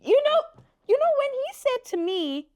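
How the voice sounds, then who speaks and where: A young woman telling a story on her vlog in a lively, laughing way, acting out what people said. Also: very high-pitched, unhurried. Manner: animated, laughing, acts out quotes. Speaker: vlogger. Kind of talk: casual story time.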